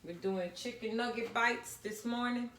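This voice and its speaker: A woman's voice: a little high, unhurried, echoey room, background noise. A woman casually talking viewers through a home cooking recipe, chatty and down-to-earth. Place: home kitchen.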